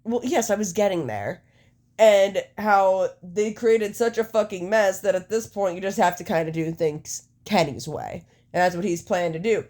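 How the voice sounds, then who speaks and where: A young adult woman co-hosting a podcast, recapping a show in casual chat with profane, animated storytelling. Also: mid-range voice, moderate pace. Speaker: podcast co-host.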